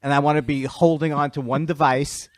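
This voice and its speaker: A man guesting on a podcast, telling stories in a rambling, jokey way with quick asides. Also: on the high side, level tone, dry recording. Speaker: comedian guest. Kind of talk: casual comedic chat.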